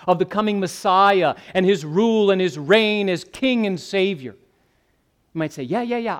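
Man preaching an expository sermon. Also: on the high side. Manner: expository preaching, conversational asides, rising emphasis. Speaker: pastor.

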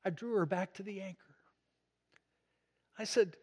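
A man's voice: high-pitched, unhurried, pauses often, darkish tone. A male pastor preaching a storytelling sermon, swelling to emphasis, in an echoey church. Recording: echoey hall.

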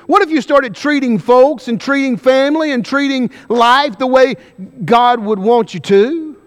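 A man preaching a sermon, pressing the congregation with repeated questions and slowing down for emphasis. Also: very high-pitched. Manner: emphatic, questioning the congregation, varying pace widely. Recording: long hall reverb.

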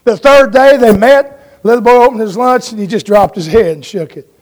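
A man's voice: high voice, normal speed. A man preaching a sermon in a folksy way, telling stories and asking his congregation for an amen.

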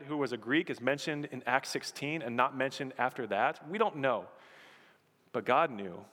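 A man preaching a sermon as pastor, impassioned, swinging from loud emphatic appeals to soft, hushed storytelling. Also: mid-range voice. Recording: long reverb of a large hall.

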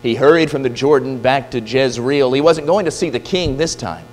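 A man preaching a sermon, retelling a Bible story with lively storytelling and acted-out quotes. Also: medium pitch, normal speed. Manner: animated storytelling, voicing quoted figures. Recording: distant reverberant hall with faint hum.

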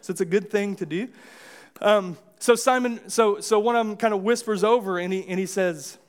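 An American man preaching a sermon in a church, speaking in a high-pitched voice. He keeps it casual and conversational, stopping to restart his sentences and acting out little scenes as he goes. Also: normal speed, clear, resonant tone. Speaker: pastor. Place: church sanctuary.

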